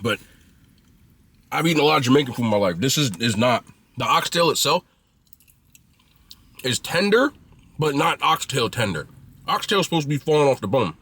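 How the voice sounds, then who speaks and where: A man's voice: medium pitch, big pitch swings, moderate pace, pauses often, fairly bright tone, slightly rough. A man casually reviewing food he is eating, chatty and blunt, with loose slangy talk.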